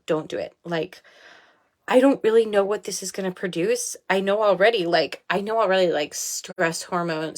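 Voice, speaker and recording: Brief: woman in her 30s, live video from a small bathroom, candid and heartfelt, quick to laugh, lowish voice. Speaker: life coach. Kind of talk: casual live video talk.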